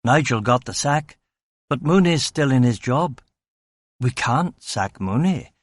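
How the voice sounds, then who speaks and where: A cautious, formal factory manager weighing every word, voiced by a man narrating an audiobook. He speaks in measured, precise sentences at an ordinary pitch. The sound is dry and close. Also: lively intonation, no echo. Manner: measured, careful explanations.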